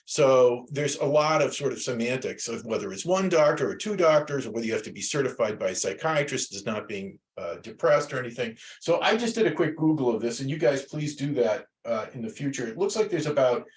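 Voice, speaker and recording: A man's voice: medium pitch, animated, brisk, few pauses. An older man teaching a class, talking loosely with many fillers and restarts. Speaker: instructor. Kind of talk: class lecture.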